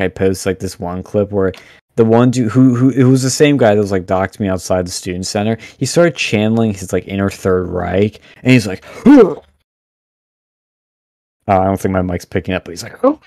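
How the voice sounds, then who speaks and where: A young man talking as a podcast guest, animated and blunt, rambling with lots of fillers over a remote mic. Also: fairly low pitch, no echo, clean studio sound. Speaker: podcast guest, campus event organizer. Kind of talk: casual podcast interview.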